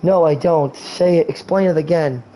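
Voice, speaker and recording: A man's voice: on the high side, moderate pace, warm tone, low-quality recording. A man streaming a game, rambling through crude jokes and improvised rhymes in a loose, freewheeling way. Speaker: gaming streamer.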